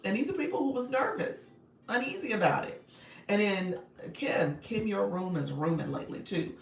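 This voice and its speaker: A woman with a medium-pitched, gravelly voice and lively intonation talks at a normal speed. She's a livestream coach and host reading chat, upbeat and repetitive, often laughing and calling viewers by name. The mic is distant in an echoey room, with slight background noise.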